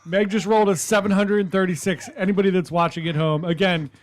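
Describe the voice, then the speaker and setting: Jokey guy at a tabletop game, kinda high voice, wry asides. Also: steady tone, brisk, crowd noise. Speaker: player.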